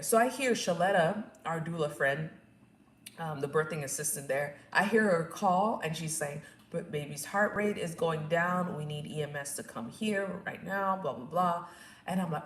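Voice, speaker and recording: A woman's voice: on the low side, moderate pace. Young woman telling a story animatedly. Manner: animated, acts out quotes and screams, laughs at herself. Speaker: vlogger telling her birth story. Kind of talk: casual personal storytelling. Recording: echoey room.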